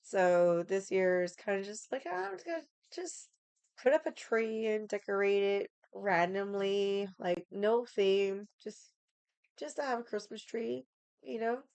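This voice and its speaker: A woman's voice: medium pitch, steady tone, measured pace, a little mellow, clear, resonant tone, no room sound. A young woman chatting casually, rambling with lots of filler words and swearing. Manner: rambling, heavy on 'like' and swearing. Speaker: streamer. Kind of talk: casual chat while drinking.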